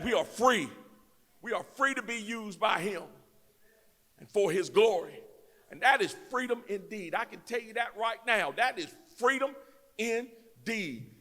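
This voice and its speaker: A man preaches from a church pulpit in a folksy, emphatic style that climbs into shouts. His voice sits very high and sounds sharp and forceful. Long reverb from the sanctuary hangs on every phrase. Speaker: guest speaker, elected official. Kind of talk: fiery preaching.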